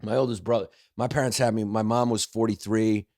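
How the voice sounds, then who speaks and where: A man's voice: on the low side, steady tone, fairly quick, darkish tone, no echo, clean studio sound. Joking male comedian guest. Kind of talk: casual storytelling chat.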